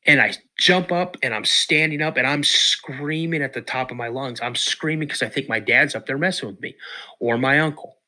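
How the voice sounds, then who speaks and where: Here a middle-aged man, guesting on a podcast, relates a story casually with plenty of animation, repetitions and restarts. He talks at normal speed in a mid-range voice.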